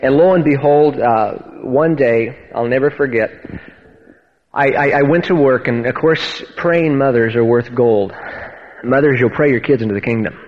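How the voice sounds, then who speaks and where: A man's voice: medium pitch, normal speed. A man preaching and telling his own testimony, earnest and emphatic, often restarting his words. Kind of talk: sermon with personal testimony. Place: church hall. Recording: dull, echoey church hall, radio-style.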